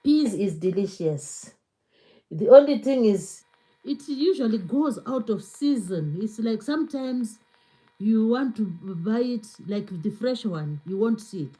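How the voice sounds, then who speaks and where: Slow, mellow-voiced woman chatting on a livestream. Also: fairly high pitch, expressive, rough recording. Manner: chatty, repeats words, laughs often, restarts. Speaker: cooking livestream host. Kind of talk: casual live-stream chat reading comments.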